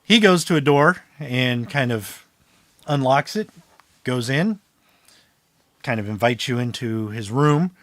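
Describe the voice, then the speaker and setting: A man runs a tabletop game, painting the scene in a loose, chatty voice at a middle pitch. The mic is close and the room is dry, with nothing behind him. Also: expressive, takes it slowly, long pauses, a bit bright, no room sound. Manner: loose, chatty scene-setting with many fillers. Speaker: game master.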